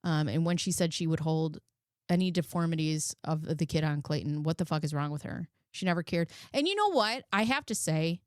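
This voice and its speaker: A woman's voice: sits low, animated, brisk, dry recording, clean studio sound. A woman in her thirties hosting a casual livestream, chatty and blunt, swearing freely and thanking viewers as she goes. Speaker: livestream commentary host.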